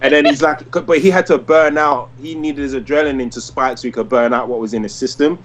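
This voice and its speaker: A man's voice: mid-range voice, fairly even intonation, fairly quick. A man in his thirties hosting a casual podcast, talking with enthusiasm and rambling through many restarts and likes. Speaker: podcast host. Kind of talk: casual podcast review chat.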